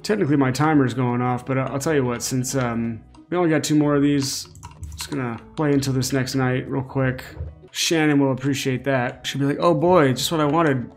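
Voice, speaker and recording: A man hosts a casual gameplay video, full of playful, jokey asides. His voice has a gravelly fry at mid pitch. Faint music plays behind him. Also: steady tone, moderate pace. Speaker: gaming video host.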